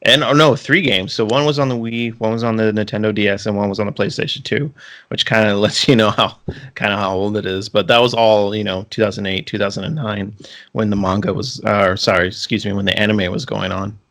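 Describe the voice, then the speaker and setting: A man co-hosts a podcast, chatting casually and rambling with frequent restarts and filler words. His voice is fairly low and fairly bright, with a steady tone and a slightly fast pace.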